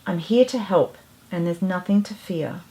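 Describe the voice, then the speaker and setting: A woman voicing a sweet, kind and excitable little female mouse in a storybook reading. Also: on the low side, normal speed, lightly acted. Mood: eager.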